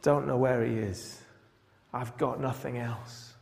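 A man's voice: mid-range voice, fairly even intonation, slow, gravelly, a little mellow, pitched below the performer's own voice. A male preacher voicing a grieving, desperate young woman in a sermon. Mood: anguished. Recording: long church reverb.

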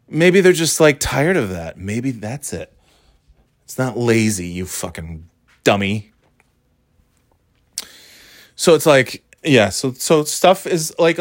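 A man's voice: on the high side, very animated, takes it slowly, no room sound, studio quality. A man delivering an exasperated, profane, sarcastic ranting monologue.

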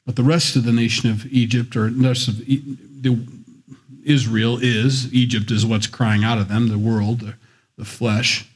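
A man's voice: mid-range voice, little pitch movement, moderate pace, breathy edge. A man preaching a sermon in a conversational way, with wry asides and little acted-out voices. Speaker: pastor. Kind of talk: sermon, Bible teaching.

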